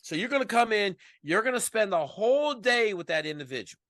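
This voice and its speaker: A man as a podcast guest, telling stories in a colloquial, emphatic, animated way. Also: high-pitched, brisk, no echo, clean studio sound. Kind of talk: casual storytelling interview.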